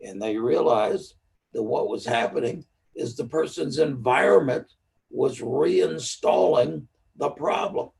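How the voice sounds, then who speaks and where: A man's voice: mid-range voice, slow, a little mellow, far from the mic, rough recording. A man teaching neurolinguistic programming in a live-streamed lecture, explaining his points with stories and repeating the key ideas. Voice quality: gravelly and husky. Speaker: NLP teacher.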